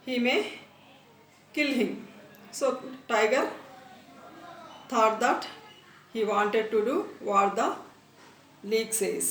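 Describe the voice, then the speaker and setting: Woman teacher explaining words in an echoey room. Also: mid-range voice. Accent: Indian English. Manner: repeats phrases and defines words slowly. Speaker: school English teacher. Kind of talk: reading a story aloud and explaining words. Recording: echoey room, distant mic, faint noise.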